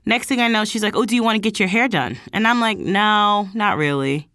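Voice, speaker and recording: Talking briskly, a woman running her own vlog recounts something that happened to her, putting on higher voices to act out other people's lines. It's an animated, casual delivery, recorded with studio clarity and no room sound.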